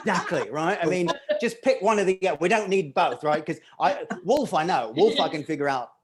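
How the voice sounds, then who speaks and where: A man's voice: high voice, animated, normal speed, pauses often, husky. A man doing a stand-up comedy set, rambling and self-deprecating, often laughing at his own jokes.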